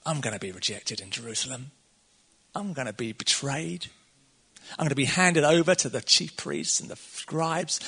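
Bright, husky-voiced preacher man. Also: medium pitch, moderate pace. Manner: chatty and conversational, laughs often, acts out quotes. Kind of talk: casual sermon.

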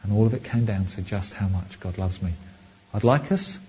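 A man preaching in a relaxed, conversational way to his congregation. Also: on the low side, normal speed, husky, highs cut off. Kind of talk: sermon.

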